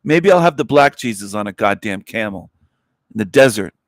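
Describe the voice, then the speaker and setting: A man's voice: on the low side, expressive, moderate pace, no room sound, studio quality. Profane, scornful man ranting. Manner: blunt and profane, with scornful laughs. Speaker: livestream host. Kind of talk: angry rant.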